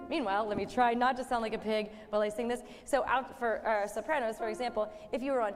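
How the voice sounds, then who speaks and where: A woman's voice: on the high side, fairly even intonation, quick pace, hardly any pauses. A woman choir director counting in and giving friendly directions to her singers during rehearsal. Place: rehearsal hall. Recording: long hall reverb.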